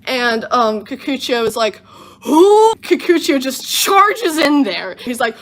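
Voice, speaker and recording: A woman in her twenties hosting a home livestream, casually recapping a film with animated storytelling and voiced asides, tired and running on little sleep. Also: on the high side, measured pace. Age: 20s. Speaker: livestream host.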